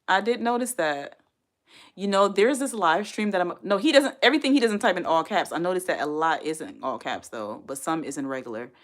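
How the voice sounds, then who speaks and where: A woman chatting casually on her livestream, rambling and reading viewer comments aloud. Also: on the low side. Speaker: livestream host. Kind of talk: casual live-stream chat.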